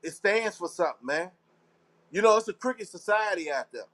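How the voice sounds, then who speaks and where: The host, a man from Texas, sounds animated, with a high, somewhat bright voice at normal speed. On his casual live talk show he rambles at his audience, slangy and preachy, hinting at conspiracies and repeating himself.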